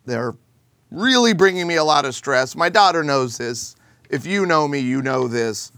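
Middle-aged male host, comedic monologue, animated, slightly high voice. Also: moderate pace, no room sound. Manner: animated, jokey, acts out quoted people.

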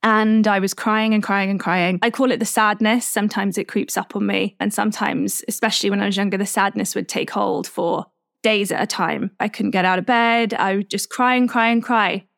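A woman's voice: mid-range voice, fairly even intonation, gravelly, fairly bright tone, no room sound, clean studio sound. Reflective woman in her twenties. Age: 20s. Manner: reflective, candid, unhurried. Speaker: podcast host. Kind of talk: personal storytelling.

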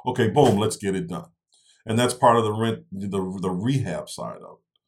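A man with a low voice talks through investing steps in a casual podcast chat. He explains patiently and keeps checking that his listener follows with quick "right?" and "okay?" tags. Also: very animated, creaky. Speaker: real estate investor co-host.

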